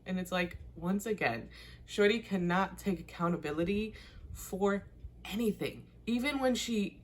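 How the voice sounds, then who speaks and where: A woman hosting a casual TV recap, chatty and animated, blunt and slangy, laughing often. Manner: chatty and animated, with big pitch swings and frequent laughs. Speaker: host.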